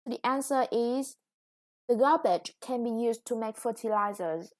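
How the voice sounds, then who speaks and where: A woman's voice: a little high, unhurried. A woman English teacher with a Vietnamese accent, explaining a lesson patiently. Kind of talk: recorded classroom lesson.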